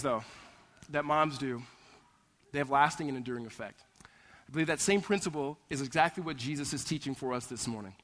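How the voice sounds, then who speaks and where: Man pastor, high-pitched, conversational sermon delivery, long church reverb. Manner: animated, conversational storytelling with repeated "right?". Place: church sanctuary.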